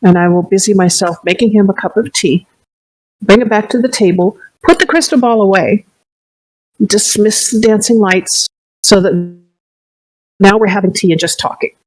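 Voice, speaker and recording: A woman playing a tabletop game, calmly describing her character's actions step by step. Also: mid-range voice, moderate pace, no echo, rough recording. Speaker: player.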